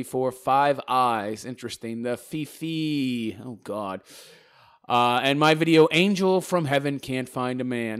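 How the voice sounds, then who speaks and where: A man's voice: mid-range voice, a bit bright. A man, a YouTuber, reading out hostile comments and replying in a sarcastic, combative, mocking rant. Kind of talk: casual ranting monologue.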